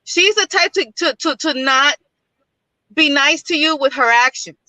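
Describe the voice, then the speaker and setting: A blunt, outspoken woman calls in to a live stream while driving. Her voice sits high and sounds bright and sharp, and the phone line is dry, with no room sound. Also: unhurried, dry recording. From New York, Bronx. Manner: outspoken, blunt, repeats herself. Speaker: guest. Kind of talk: casual live-stream chat. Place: in a car, driving.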